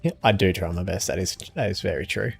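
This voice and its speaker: A young man streaming a game and chatting casually with viewers in a relaxed, easygoing way. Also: sits low, quick pace, gravelly, slightly rough, soft background music. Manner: relaxed, chatty, answers chat with small laughs. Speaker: gaming streamer.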